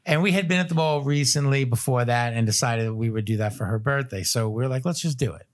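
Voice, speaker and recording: Thirties guy, mid-pitched, podcast guest spinning a loose anecdote with lots of "like" and quick laughs. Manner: animated storyteller, chuckling between phrases; loose filler-heavy phrasing. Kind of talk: casual storytelling chat.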